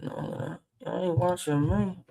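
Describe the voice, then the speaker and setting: A man with a Philadelphia accent hosting a casual livestream, brash and loud, trash-talking and laughing often. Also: sits high, fairly even intonation, takes it slowly, creaky, poor audio. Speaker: livestream host.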